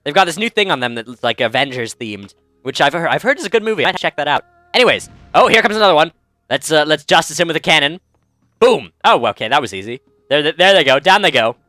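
A man's voice: a little high, expressive, fast talker, pushed and bright, no room sound, faint music behind. A man hosting a let's-play, chatting casually and rambling through commentary with many fillers and restarts. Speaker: game let's-play host.

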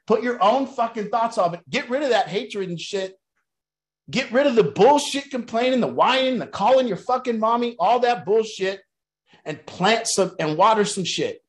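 Give me a blunt, profane middle-aged man, slightly high-pitched, giving a motivational recovery talk. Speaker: recovery program leader.

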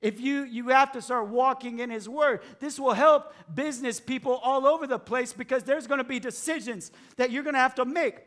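A male pastor preaching a sermon, acting out the voices of doubters, then dropping to hushed emphasis. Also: very high voice, steady tone, fairly quick, few pauses.

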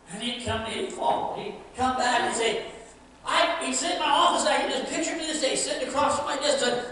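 A man's voice: very high voice, fairly quick, bright, forceful tone. Echoey preaching man, heard from afar. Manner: earnest preaching with repetition and rising emphasis. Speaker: pastor. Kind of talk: sermon. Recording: echoey hall from far off, faint noise.

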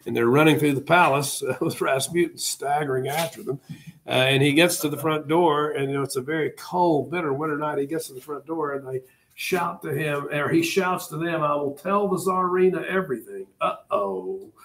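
A male teacher telling a history story to a class in a classroom, animated and dramatic in delivery. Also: on the high side, normal speed.

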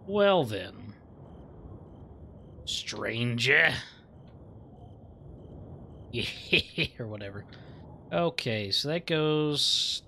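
Animated, bright-voiced young male streamer. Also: mid-range voice, drawn-out words, vocal fry, long pauses, a little hiss or hum. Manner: animated, swears freely, rants with rising excitement. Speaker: streamer playing a video game. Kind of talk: casual let's-play commentary.

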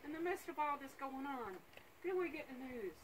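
A woman's voice: sits high, lively intonation, fairly quick. A woman speaking at her father's graveside service in an emotional, preacherly way, calling out to the mourners. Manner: emotional, preacherly, with call-and-response. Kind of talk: heartfelt eulogy with preaching. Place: outdoors at a rural graveside. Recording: loud outdoor background noise.

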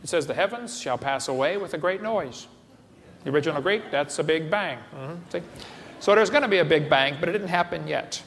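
A creationist speaker in a large hall gives a joking lecture to a live audience, wisecracking and tossing quiz questions and asides at the crowd. His voice sits on the high side, a bit bright and creaky, with lively intonation and a fairly quick pace. The recording carries a long hall reverb and faint hiss.

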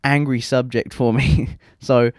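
A man's voice: medium pitch, little pitch movement, measured pace, creaky, dry recording, studio quality. A young man giving rambling, self-mocking gameplay commentary and swearing freely. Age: young adult. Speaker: let's play host.

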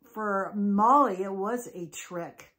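A woman storyteller narrating in an animated, conversational way. She talks as if she were chatting with listeners, and her voice sits at an ordinary middle pitch. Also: slow. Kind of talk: telling an original story.

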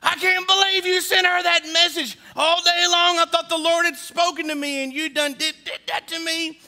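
A pastor voicing his exasperated wife, making her sound squeaky and indignant. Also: flat delivery, normal speed, gravelly, sharp tone, exaggerated voice. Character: exasperated wife, adult woman, laughing disbelief.

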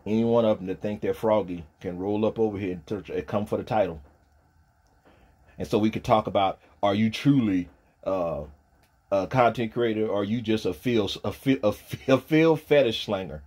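A man, ranting on a livestream, profane and taunting, dropping from low mutters to loud shouting. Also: moderate pace. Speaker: streamer pastor.

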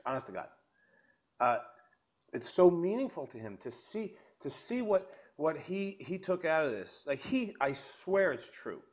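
A man hosting an interview show, chatting casually and enthusiastically, often restarting his sentences. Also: on the high side. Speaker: podcast host.

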